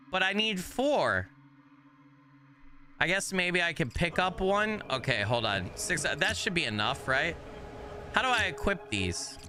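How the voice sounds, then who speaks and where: A man streaming a horror game live, chatting with his viewers and swearing often, sometimes yelling in a high mock panic. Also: slight background noise. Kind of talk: live gameplay commentary.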